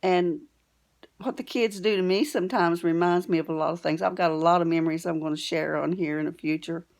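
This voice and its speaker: A woman's voice: fairly low pitch, fairly even intonation, brisk, darkish tone. An older woman and great-grandmother tells childhood stories to her viewers in a plain-spoken, homespun way. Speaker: storytelling vlogger. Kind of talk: folksy storytelling to camera.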